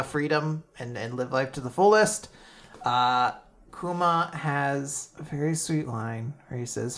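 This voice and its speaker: A podcast co-host in casual chat, retelling a manga chapter in an animated way, full of fillers and the odd swear. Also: medium pitch.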